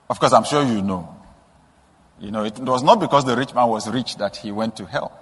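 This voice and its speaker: A man preaching a sermon, telling stories with soft asides and sudden emphatic rises. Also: mid-range voice, slightly rough. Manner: storytelling with rising emphatic bursts and soft asides. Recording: long hall reverb.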